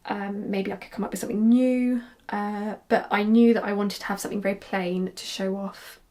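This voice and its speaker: Woman, young, casual rambling chat, filler-heavy, mid pitch. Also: steady tone, moderate pace, warm tone. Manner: chatty, rambling, many ums and restarts. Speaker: knitwear designer podcaster. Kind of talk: casual chat showing knitting projects.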